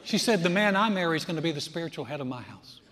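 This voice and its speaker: A man in his sixties preaching a sermon, telling a personal story in a conversational, animated way and acting out quoted lines. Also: on the high side, fast, noisy background. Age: 60s. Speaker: pastor. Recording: long hall reverb.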